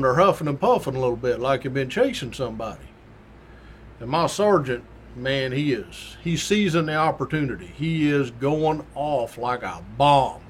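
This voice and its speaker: A man's voice: on the high side, a little hiss or hum. A former state trooper telling a story from his patrol days in a folksy, slangy way. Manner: folksy, colorful, down-home slang. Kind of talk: casual anecdotal storytelling.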